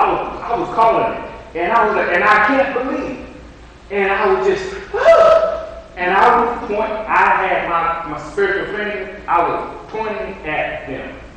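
A man preaching an informal, storytelling sermon in a folksy, lively way. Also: high voice. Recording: echoey hall from far off.

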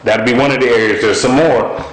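A man preaching a sermon, telling personal stories in a lively, folksy way and sometimes quoting what God said to him. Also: mid-range voice, fast talker, reverberant, poor audio. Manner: animated storytelling, folksy speech.

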